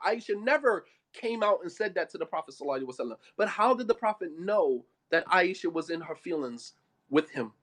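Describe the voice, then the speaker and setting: Emphatic high-voiced man lecturing. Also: animated, quick pace, fairly bright tone. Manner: emphatic, blunt, colloquial with Arabic phrases. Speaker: Islamic speaker. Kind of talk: religious lecture on marriage.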